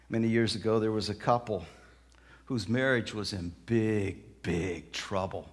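A man preaching a sermon, telling stories and acting out the people in them, moving between soft, slow passages and loud outbursts. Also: medium pitch. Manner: dramatic, acts out quoted voices, swings from soft to loud. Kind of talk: sermon with storytelling.

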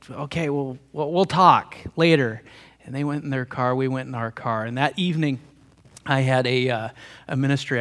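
A male pastor preaches a heartfelt storytelling sermon, often restarting with doubled words. His voice is bright and forward, pitched a touch high for a man. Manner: emotional, repeats words in restarts. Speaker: pastor and theologian.

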